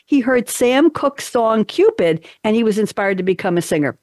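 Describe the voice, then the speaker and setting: A woman hosting a talk show in casual chat, upbeat and chatty, reading out trivia with quick asides. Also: on the high side, a little mellow, no room sound, clean studio sound.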